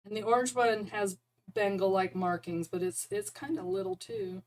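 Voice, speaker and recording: A woman's voice: mid-range voice, animated, normal speed, gravelly, darkish tone, poor audio. A woman chatting casually and rambling, often breaking into laughter. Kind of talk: casual chat about neighborhood cats.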